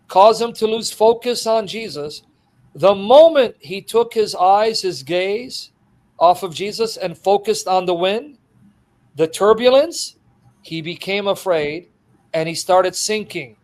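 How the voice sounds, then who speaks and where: An animated male preacher delivers an expository sermon in a high voice. He breaks into laughter and acts out the scenes as he retells them. His delivery swings between loud, excited bursts and quiet asides. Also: slow.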